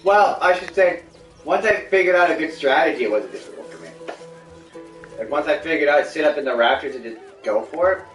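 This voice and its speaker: A man's voice: a little high, a little fast, soft background music. Chatty man gaming in an echoey room. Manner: relaxed, chatty, often restarts sentences. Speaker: game player. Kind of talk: casual gaming chat. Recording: echoey room, mic far off, faint hiss.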